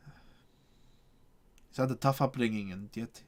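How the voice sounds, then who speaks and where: A man voicing a gentle, troubled priest who speaks solemnly with many hesitant pauses. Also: medium pitch, close to an everyday voice. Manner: hesitant, solemn, faltering speech.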